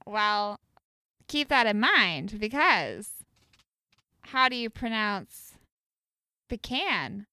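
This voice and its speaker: A young woman co-hosting a casual chat show, giving animated, opinionated takes on food habits. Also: mid-range voice, very slow, long pauses, no echo. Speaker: podcast co-host.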